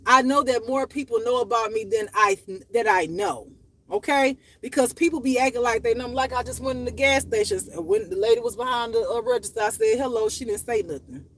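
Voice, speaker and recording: Speaking off the cuff to viewers on her own channel, a woman delivers a raw, confessional monologue that is blunt, emotional, and full of profanity, her voice rising and falling throughout. Her voice is on the high side, fairly bright, and a little fast.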